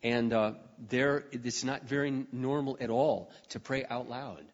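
A man's voice: mid-range voice, unhurried. Earnest preacher man, echoing hall. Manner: earnest storytelling, rising to fervent outbursts; frequent throat clearing. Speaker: pastor. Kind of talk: sermon. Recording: dull recording with long hall reverb.

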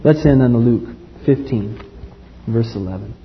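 A man preaching a sermon with passion, swinging from loud outbursts to hushed tones. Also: mid-range voice, a little slow. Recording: dull, hall-like recording.

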